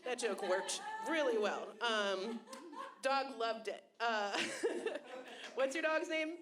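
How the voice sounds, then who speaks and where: A young woman doing a stand-up comedy set on a club stage, deadpan and self-mocking with sudden loud bursts, on a handheld mic. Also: fairly high pitch, slow pace, crowd noise.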